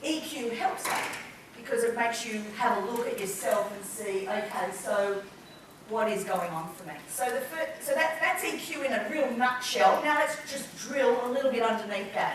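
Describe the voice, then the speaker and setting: Aussie woman teaching a workshop, kinda high voice, big echoey room, faint hum behind. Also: moderate pace. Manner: lively, acts out quoted people. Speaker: business trainer. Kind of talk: live workshop talk. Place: large room with an audience. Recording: echoey room, mic far off.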